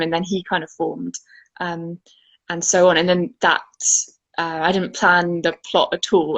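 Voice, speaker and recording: A woman from Guernsey answers interview questions about her writing in an easy, conversational way. Her voice sits fairly low, and she thinks aloud, dropping in plenty of ums and restarts. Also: fairly bright tone, low-quality recording. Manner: thoughtful, chatty, with frequent fillers. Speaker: author, interview guest.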